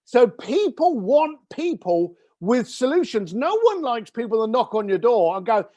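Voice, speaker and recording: A man's voice: very high-pitched, very animated, moderate pace, mellow, dry recording. A middle-aged man, a business founder, telling blunt, emphatic stories as an interview guest and swearing casually. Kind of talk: conversational interview storytelling.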